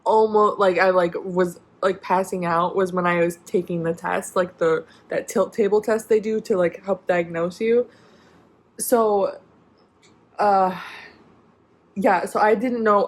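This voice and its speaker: A young woman vlogger telling a personal story in a casual, rambling way, full of "like" and restarts. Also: mid-range voice. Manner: rambling, many "like" fillers and restarts.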